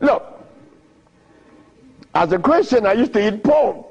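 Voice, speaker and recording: An older man giving a talk, telling stories with frequent laughter and big swings in pitch. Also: big pitch swings, takes it slowly, creaky, darkish tone. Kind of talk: animated storytelling lecture. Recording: muffled lo-fi recording.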